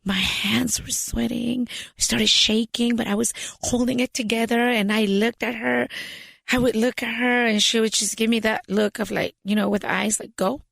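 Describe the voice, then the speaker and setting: Animated woman. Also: a little high, moderate pace, vocal fry, no echo, studio quality. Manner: animated storyteller, switches into Spanish phrases. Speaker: podcast guest, business founder. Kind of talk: storytelling in an interview.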